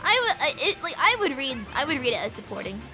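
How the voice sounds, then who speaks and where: Bubbly high-voiced woman streamer. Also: big pitch swings, fast talker. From Britain. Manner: bubbly, rambling, giggly, lots of fillers. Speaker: VTuber streamer. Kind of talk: casual livestream chat while gaming. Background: game music.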